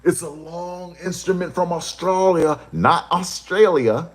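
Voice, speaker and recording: A man hosting his own livestream, rambling to his chat in a slow, drawn-out way with sudden animated jumps. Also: sits high, a little hiss or hum. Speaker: rapper hosting a livestream show.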